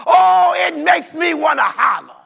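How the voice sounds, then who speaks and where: A man preaching a sermon, shouting in a sing-song cadence. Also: extremely high pitch, expressive, measured pace, vocal fry, some chatter behind. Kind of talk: whooping sermon.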